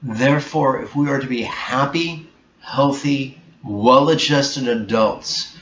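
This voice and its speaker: A man giving a reflective spiritual talk as a meditation teacher, slow, deliberate and bluntly emphatic. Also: mid-range voice, a bit bright. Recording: echoey room, dull sound, faint hiss.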